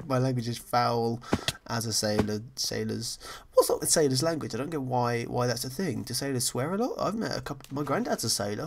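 A man's voice: mid-range voice, a little hiss or hum. A man giving casual, rambling commentary over his own gameplay, chatty, apologetic and self-deprecating. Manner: frequently apologetic. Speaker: gaming channel host.

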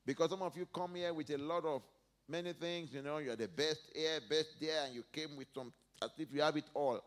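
A male pastor preaching a sermon, dropping to soft asides and rising to loud emphatic peaks as he reads and acts out scripture. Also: a little high, fairly even intonation, fairly quick. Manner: preaches verse by verse, acting out biblical speakers.

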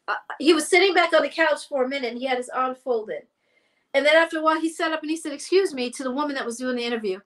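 A woman, a singer being interviewed, telling a casual story in an animated way and acting out the people she quotes. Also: high voice, rapid-fire. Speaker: guest singer.

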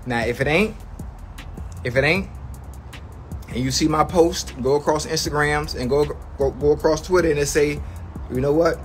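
Guy doing a jokey fake-mad rant to his stream chat, kinda high voice, says stuff twice, faint music behind. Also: moderate pace, long pauses. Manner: mock-outraged complaining, repeats himself, slangy and profane. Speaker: livestreamer addressing his chat. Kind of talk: comedic livestream rant.

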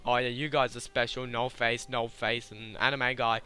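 A young man doing excitable gameplay commentary, laughing often and shouting at the game. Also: medium pitch, moderate pace, faint music behind. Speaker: gaming YouTuber.

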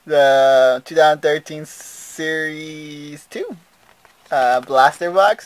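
A man's voice: a little high, slow pace, pauses often. A young man, casually chatting and exclaiming as he opens mail for his vlog. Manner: excitable, laughing, lots of exclamations. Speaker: vlogger opening mail. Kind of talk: casual excited unboxing chat.

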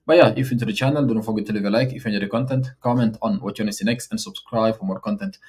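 A man's voice: on the low side, racing. A man from Africa hosting a reaction video, chatting casually and asking questions aloud. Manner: relaxed, conversational, asks questions aloud. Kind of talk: casual commentary.

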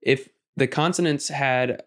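A man in his twenties talking casually as a podcast co-host and narrator. He explains things slowly and thoughtfully, with some stops and restarts. His voice is mid-pitched. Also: fairly bright tone. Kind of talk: casual chat.

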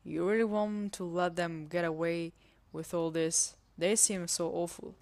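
A woman's voice: lowish voice, fairly even intonation, a little slow, darkish tone. Woman voicing an earnest young college guy. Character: young male college student, earnest and eager to help. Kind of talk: reading a visual novel game aloud.

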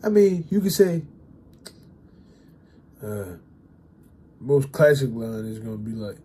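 A man's voice: medium pitch, sing-song, slow, pauses often, warm tone, slight background noise. A young man talking to his channel in a loose, rambling way, full of fillers and casual swearing. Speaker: YouTuber giving dating advice.

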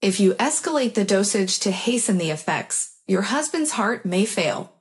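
A woman's voice: mid-range voice, very animated, normal speed, natural voice. Figure: shrewd, sinister witch, read by a woman. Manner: cool and warning. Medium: audio story. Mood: cold.

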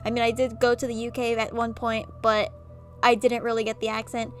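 A woman's voice: fairly high pitch, fast talker, soft background music. A woman gaming YouTuber reading an interactive horror story aloud, breaking off into chatty, self-mocking asides.

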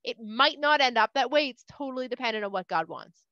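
A woman voicing a hot-tempered male prophet who yells at his donkey, in a dull, dry recording. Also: on the high side, animated, a little fast, no room sound. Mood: casual. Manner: shouting and scolding in bursts.

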